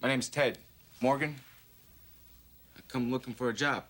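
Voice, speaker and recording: Actor as a polite young drifter. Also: male voice, mid-range voice, steady tone, normal speed, fairly bright tone, lightly acted. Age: young adult. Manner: courteous, says ma'am and sir, folksy phrasing. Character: polite young male drifter seeking logging work. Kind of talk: TV drama acting.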